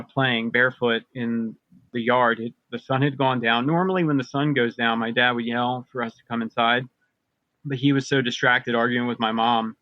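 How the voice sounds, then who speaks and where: A man's voice: mid-range voice, dry recording. Man telling a story on a dull, dry line. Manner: rambling, many fillers and restarts. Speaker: podcast guest recounting personal experiences. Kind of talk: casual storytelling.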